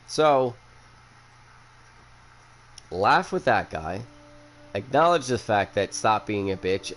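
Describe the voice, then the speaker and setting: A man's voice: lowish voice, slight background noise. A young man hosting a casual chat, who rambles bluntly and swears a lot after a few drinks. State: has been drinking. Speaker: podcast host.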